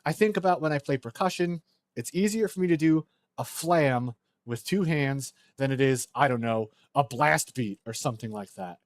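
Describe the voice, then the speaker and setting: A man's voice: medium pitch, expressive, moderate pace. A man live-streaming a speedrun, chatting casually and joking with his viewers.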